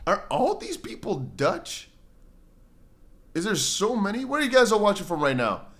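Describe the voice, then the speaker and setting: A man's voice: high voice, wildly swooping pitch, normal speed, a bit bright. Slangy man chatting on a crypto stream. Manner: rambling, reads viewer chat aloud and answers it; slangy, says bro and brother a lot. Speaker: crypto livestream host. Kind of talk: casual livestream chat.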